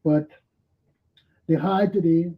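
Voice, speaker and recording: A man's voice: on the high side, fairly even intonation, takes it slowly, phone-quality sound. A man hosting a talk show, greeting listeners in a chatty, folksy way. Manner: chatty, folksy, gives weather and apologies. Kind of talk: casual talk show opening.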